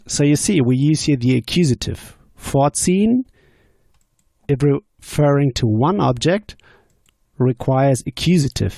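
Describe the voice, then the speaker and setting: Slow, gravelly-voiced male language teacher. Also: mid-range voice, expressive, dark tone, no room sound, studio quality. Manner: slow, deliberate explanations with quiz questions. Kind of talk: podcast language lesson.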